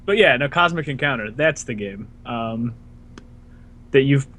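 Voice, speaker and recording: A man's voice: mid-range voice, unhurried. A man co-hosting a casual gaming podcast, joking around and laughing often. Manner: jokey, laughs often, excitable. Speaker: podcast co-host. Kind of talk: casual chat.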